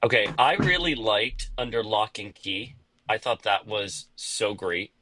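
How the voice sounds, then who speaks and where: A man co-hosting a podcast, chatting casually in an animated, jokey way with some swearing. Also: fairly low pitch, unhurried, a little hiss or hum. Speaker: podcast co-host.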